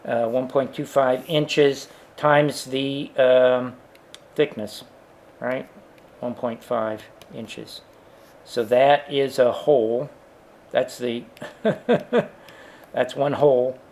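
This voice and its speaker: Slow-paced man working a problem aloud. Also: medium pitch, steady tone, darkish tone. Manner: unhurried, thinking aloud with fillers. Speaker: engineering instructor. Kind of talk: worked example lecture.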